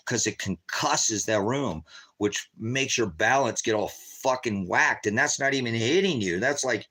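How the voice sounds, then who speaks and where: A man's voice: medium pitch, fairly bright tone. An agitated man addresses his livestream viewers in a rambling monologue. He swears in nearly every sentence and keeps repeating himself. His delivery is raw and unscripted. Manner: agitated, heavily profane, repetitive. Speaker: ministry livestreamer.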